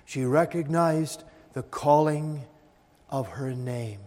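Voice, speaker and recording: A man preaching a sermon, swinging from loud emphatic peaks down to hushed, low tones. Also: takes it slowly. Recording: long hall reverb.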